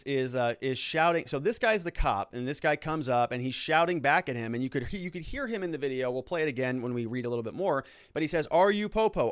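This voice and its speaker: A man's voice: medium pitch, no room sound, clean studio sound. A man giving casual legal commentary as a lawyer, talking in a loose, conversational way with sarcastic asides.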